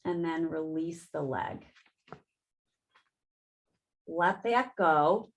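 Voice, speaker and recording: A woman yoga instructor giving calm step-by-step cues and counting breaths through a guided class. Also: low voice, extremely slow, gravelly. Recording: echoey room.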